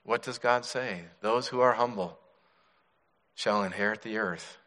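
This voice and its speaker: Bright-voiced pastor preaching in a hall. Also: male voice, fairly low pitch, a little slow. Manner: drops to soft hushed tones, then rises emphatically. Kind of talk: sermon. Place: church sanctuary. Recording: church hall reverb.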